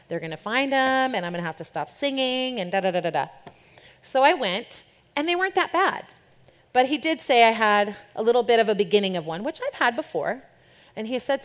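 A young adult woman, a worship leader, speaks to a church group in a candid, informal talk, with a medium-pitched, fairly bright voice. She's chatty and frank, slipping into playful voices when quoting others. The recording carries long hall reverb from the church or event hall where an audience is present.

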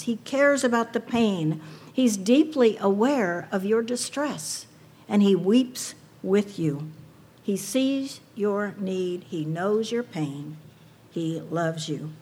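A woman's voice: fairly high pitch, darkish tone, breathy edge. A woman preaching a sermon to a women's audience, earnest and personal, asking rhetorical questions.

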